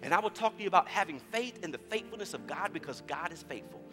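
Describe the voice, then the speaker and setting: Middle-aged guy preaching in a church, high bright voice, hall echo and soft music under. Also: animated, fast. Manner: builds from conversational to shouting preaching. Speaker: pastor. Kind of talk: sermon. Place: church sanctuary.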